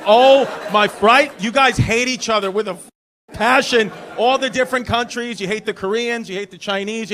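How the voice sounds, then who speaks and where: A Brooklyn man with a New York accent works the crowd on a comedy club stage, brash and teasing, drifting into rambling asides. His voice is high-pitched. It's a live club recording with background noise and the audience laughing.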